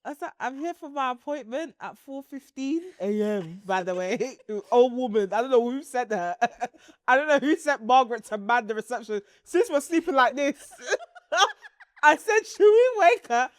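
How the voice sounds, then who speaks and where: Woman in her 30s, high voice, laughing through a story on a podcast, dry close mic. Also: normal speed, dry recording. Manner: animated, laughs often while telling a story. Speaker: podcast co-host. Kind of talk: casual storytelling chat.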